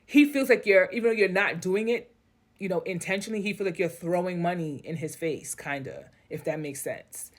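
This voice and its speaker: A woman's voice: lowish voice, animated, moderate pace. A woman reading an online post aloud and breaking off into blunt, candid commentary, swearing freely. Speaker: story reader and commentator.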